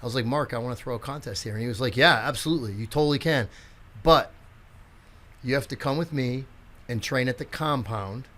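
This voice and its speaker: A man's voice: medium pitch, brisk. A man in his sixties, a physical therapist and strength coach, telling stories as a podcast guest with lots of acted-out quotes and casual swearing. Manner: animated storyteller who acts out quotes and swears freely. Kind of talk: casual storytelling in a podcast chat.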